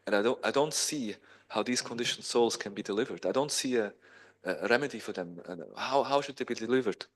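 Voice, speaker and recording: A man voicing a grieving wandering sage who speaks slowly of his pain. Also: mid-range voice, close to an everyday voice. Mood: sorrowful. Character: Narada, a sorrowful wandering sage.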